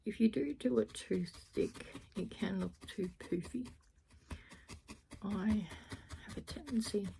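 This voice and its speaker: A woman crafter chatting casually through a felting tutorial, self-deprecating, often dropping into a soft half-whisper. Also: medium pitch, slow pace, gravelly, slight background noise, low-quality recording. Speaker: crafter demonstrating needle felting.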